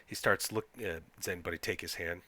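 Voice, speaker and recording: A man's voice: low-pitched, steady tone, fast talker, sharp tone. A man narrating a tabletop game as game master, hesitant and full of fillers. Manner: hesitant, many fillers, reads aloud.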